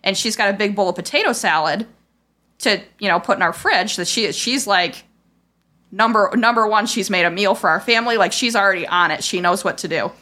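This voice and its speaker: A woman's voice: medium pitch, a little fast, bright, forceful tone. A woman hosting a podcast, telling a painful family story in a casual, rambling way, full of "like" and quoted remarks. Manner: rambling, heavy on "like" and "I was like" quotes; raw, frustrated retelling of a painful memory. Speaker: podcast host.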